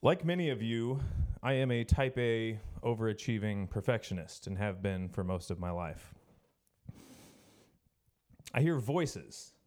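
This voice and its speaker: Male preacher, low voice, reflective and halting sermon to a student congregation. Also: animated, darkish tone. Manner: hesitant, reflective, frequent self-corrections.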